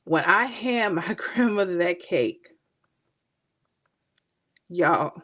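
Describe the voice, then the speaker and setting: This is a woman from Florida chatting live with her viewers, easygoing and personal as she tells stories and calls people out by name. Her voice sits slightly low for a woman. She sounds middle-aged. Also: expressive, drawn-out words, a bit bright. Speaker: livestream host. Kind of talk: casual livestream chat.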